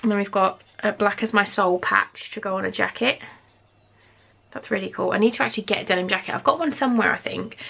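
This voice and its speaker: Excitable gravelly woman unboxing. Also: medium pitch. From England. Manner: gushing, excitable, with sudden gasps and soft mutters. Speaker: vlogger. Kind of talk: casual unboxing chat. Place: home room.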